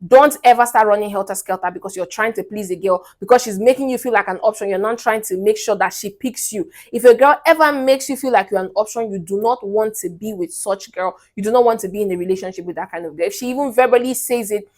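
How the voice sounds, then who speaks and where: A woman's voice: medium pitch, fast, few pauses, darkish tone. A young woman hosting a relationship advice vlog, speaking bluntly and emphatically and often checking in with listeners.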